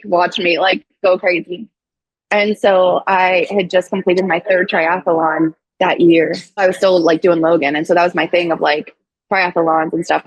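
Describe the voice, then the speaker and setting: A woman in her thirties from Missouri, a podcast guest telling a personal story in a casual, animated way, full of "like" and acted-out quotes. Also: medium pitch, breathy edge, no room sound, muffled recording. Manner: animated, acts out quoted voices, frequent "like".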